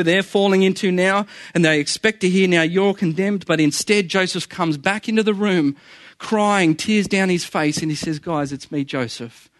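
A man's voice: high voice, a bit bright, no echo, clean studio sound. A man preaching a sermon in an earnest, conversational way, often repeating phrases for emphasis.

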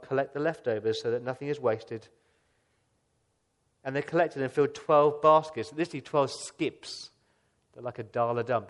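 Earnest male pastor preaching. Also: medium pitch. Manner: earnest preaching with rhetorical questions and big swings between loud and soft. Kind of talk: sermon.

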